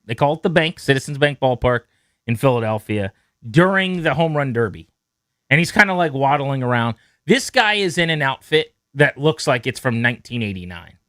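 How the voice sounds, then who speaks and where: A man hosting a sports radio show, telling a story in a lively, animated way and acting out the quotes in it. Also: mid-range voice, moderate pace, dry recording, clean studio sound. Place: radio studio. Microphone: studio mic.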